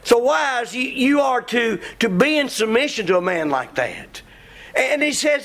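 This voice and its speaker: Preaching in a folksy, emphatic style, this middle-aged man quotes scripture and impersonates his congregants, shouting their lines. His voice sits at an extremely high pitch with big swings, and he speaks a little slowly.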